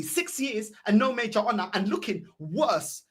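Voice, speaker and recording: A fan streamer, a woman, rants about her club, repeating herself in exasperation. Her voice sits a little high and swings widely up and down. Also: lively intonation, normal speed. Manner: exasperated, repetitive ranting. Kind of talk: ranting fan commentary.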